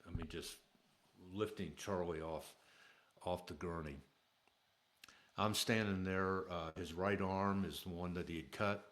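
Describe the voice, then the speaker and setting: A middle-aged man telling a personal story in a casual, halting way, with many fillers and restarts. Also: low voice, fairly even intonation, fairly bright tone.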